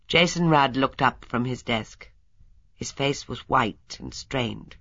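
Low, husky woman narrating a mystery. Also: slow, fairly bright tone, no room sound, dull audio. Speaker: audiobook narrator. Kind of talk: scripted narration.

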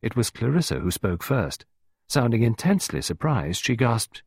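A man giving an expressive scripted storybook narration as an audiobook narrator. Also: mid-range voice, normal speed, breathy edge, no echo.

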